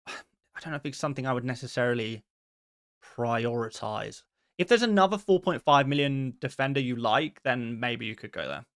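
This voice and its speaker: A man hosting a casual live stream in a friendly, quick way, reading out viewer messages and answering each one. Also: on the high side, fairly bright tone, dry recording, clean studio sound. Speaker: host answering viewer questions.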